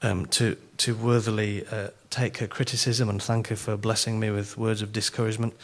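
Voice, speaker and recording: A middle-aged man with a Yorkshire accent, giving a sermon as a conference speaker and telling self-mocking stories in an animated way. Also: fairly low pitch, moderate pace. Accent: Yorkshire English.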